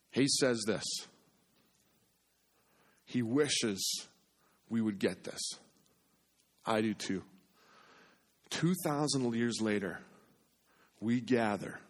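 A pastor with a lowish voice preaches a sermon earnestly, repeating phrases for emphasis. On key points he drops to a hush.

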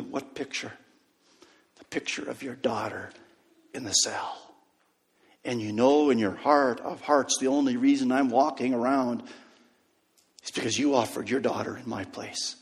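A man preaching a sermon, telling a story and dropping to a hush on key lines. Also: medium pitch, moderate pace, long pauses, slightly rough. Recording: long hall reverb.

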